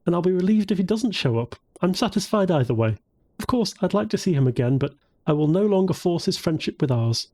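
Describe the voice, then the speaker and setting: Man raising his pitch for an earnest young woman, firm, frank, mellow, a little husky, storybook audiobook. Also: animated, brisk.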